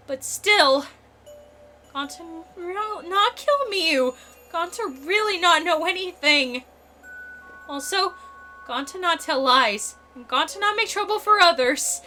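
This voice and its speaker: A woman voicing a big, gentle, naive young man who speaks in earnest, broken sentences. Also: very high-pitched, lively intonation, slow pace, soft background music, pitched above the performer's own voice, exaggerated voice. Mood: earnest pleading. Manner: childlike broken grammar, earnest. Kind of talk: reading game dialogue aloud in a voice.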